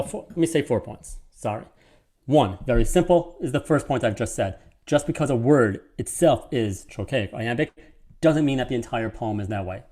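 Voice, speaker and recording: A man teaching a lesson on poetic meter. He reads verse lines slowly with each beat stressed, and often stops to correct himself. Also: medium pitch, a little mellow. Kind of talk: online lecture on poetic meter.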